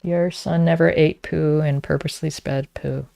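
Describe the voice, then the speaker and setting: A woman's voice: sits low, fairly even intonation, moderate pace, gravelly, dark tone, no room sound. A woman streaming a game, chatting casually and teasing her viewers.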